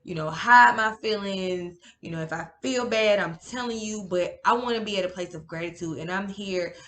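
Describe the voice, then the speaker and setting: Animated woman with a bright voice. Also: mid-range voice, normal speed. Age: 30s. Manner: animated, laughs often. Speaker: podcast co-host. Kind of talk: casual chat.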